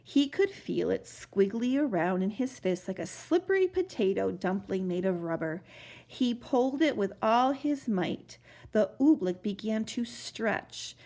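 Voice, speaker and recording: Animated woman reading a children's story. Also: medium pitch, a little slow. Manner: expressive, animated narration.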